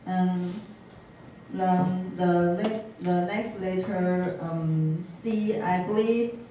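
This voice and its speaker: Young woman, talks slow and careful, echoey classroom far from mic. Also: fairly low pitch, fairly even intonation, dark tone, a little hiss or hum. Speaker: student presenter. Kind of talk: class presentation.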